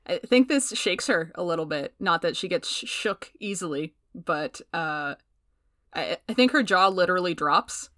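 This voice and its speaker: A woman playing a tabletop game who describes her character in a chatty, hesitant way. Her voice sits slightly low, and the recording is dry. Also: animated, normal speed, a bit bright, no room sound. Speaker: player. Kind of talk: casual game narration.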